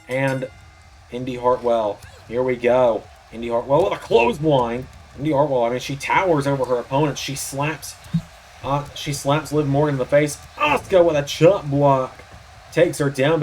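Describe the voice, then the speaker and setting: A man's voice: mid-range voice, moderate pace, a little mellow, slight background noise. A man with a sore throat doing announcer-style play-by-play commentary for a video game wrestling show. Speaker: commentator, channel host.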